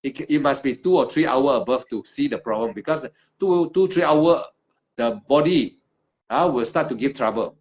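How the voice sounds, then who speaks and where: A man's voice: medium pitch, expressive, moderate pace. A man teaching meditation one-on-one, speaking in short, emphatic, repeated phrases of simple broken English. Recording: dull lo-fi recording.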